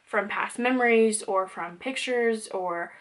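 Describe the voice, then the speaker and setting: A woman's voice: on the high side, slow pace. A young woman talking candidly to camera in a personal vlog, conversational and loose, with plenty of "like" and "um". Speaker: vlogger.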